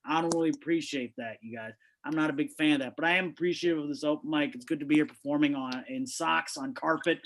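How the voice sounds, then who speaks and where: Over a video call from his carpeted home, a stand-up comic performs a set for an online open mic, his voice pitched slightly high. He fires off brash, punchy jokes laced with frequent swearing at a quick clip. The recording is low quality and a little bright.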